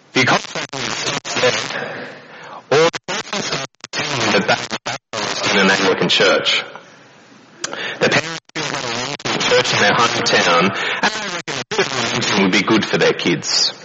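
Man, sermon, lowish voice, dull noisy recording. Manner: animated storytelling with rhetorical questions. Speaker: pastor.

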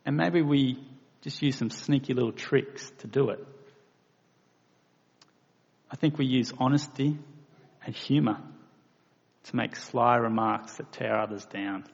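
A man's voice: medium pitch, measured pace, vocal fry, long pauses, breathy edge. A man preaching a sermon, earnest and plain-spoken, acting out quoted voices now and then. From Australia. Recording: lo-fi recording in a reverberant hall.

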